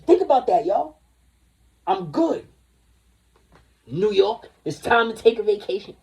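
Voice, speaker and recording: Rambling, profane high-voiced man in his forties. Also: sing-song, measured pace, creaky, long pauses, a little mellow, recorded from a distance. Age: 40s. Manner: rambling, profane, jumps between topics. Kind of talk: rambling livestream rant.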